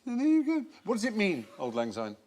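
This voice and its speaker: A man's voice: high-pitched, huge pitch swings, fast, a little mellow, a little hiss or hum. A man hosting a comedy quiz show, teasing the panel with questions and then explaining the answers. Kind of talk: quizmaster banter.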